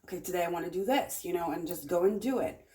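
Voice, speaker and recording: A woman's voice: lowish voice, fast talker, dark tone. A woman giving a casual pick-a-card tarot reading, chatty and encouraging, often repeating her phrases. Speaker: tarot reader.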